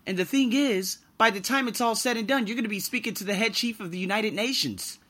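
A man's voice: high-pitched, a little fast, bright, forceful tone. A man hosting a casual podcast monologue, ranting bluntly about his job and swearing freely. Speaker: podcast host and English teacher. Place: living and working abroad.

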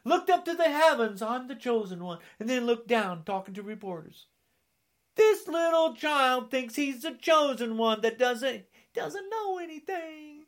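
A man's voice: extremely high pitch, lively intonation, measured pace. A man delivering an angry political rant, sarcastic and indignant, often mocking.

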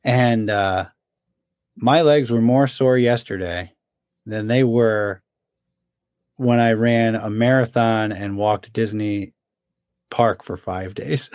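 A man's voice: mid-range voice, no room sound. A young man in mid register tells a running story to his co-host, loose and chatty, acting out his friend's whining lines. The sound is dry and close, with no room around him. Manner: animated storyteller, mimics his friend's complaints. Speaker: podcast co-host. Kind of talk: casual storytelling chat.

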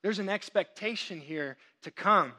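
A young man from Texas delivers a sermon in a high, bright voice. He tells stories with quick, animated asides as he preaches. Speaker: pastor.

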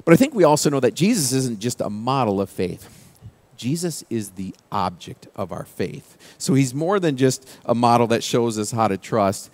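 A male pastor preaching a sermon in a conversational way, dropping his voice low and quiet for key quoted phrases. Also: big pitch swings, normal speed.

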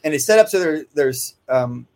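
A man's voice: a little high, animated, moderate pace, darkish tone. A man who trains dogs, talking casually and rambling, often tagging his sentences with "right?". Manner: rambling, conversational, frequent "right?" asides. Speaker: dog trainer. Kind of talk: casual instructional talk. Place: kennel office.

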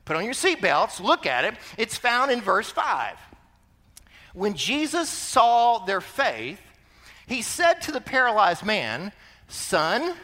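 A man preaching with a high, bright voice that swings widely in pitch, throwing rhetorical questions at his listeners. The sermon rings out with a long reverb, as if in a large hall. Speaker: pastor.

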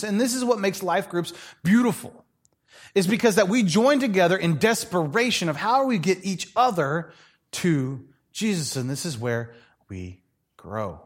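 A man's voice: high voice, animated, measured pace. A man preaching a church sermon, telling stories animatedly, acting out quoted voices and laughing often. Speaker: pastor.

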